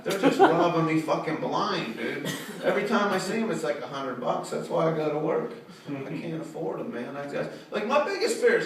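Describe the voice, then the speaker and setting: A man doing a loud, profane stand-up set and working the crowd. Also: high-pitched, slight background noise. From Pittsburgh area. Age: 40s. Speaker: stand-up comedian. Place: small art studio venue, indoors. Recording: distant echoey room recording with loud ambience. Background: audience laughter.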